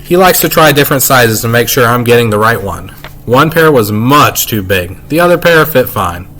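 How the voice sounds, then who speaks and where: A man reading a children's novel aloud in first-person narration, unhurried and plain. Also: medium pitch, expressive, a bit bright, a little hiss or hum. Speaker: reader.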